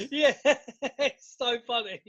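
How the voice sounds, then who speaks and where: This is a man with a fairly high voice, chatting casually as a podcast co-host. He retells scenes with energy, laughs often and swears freely. The recording sounds dull and lo-fi. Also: takes it slowly, fairly bright tone. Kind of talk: casual chat.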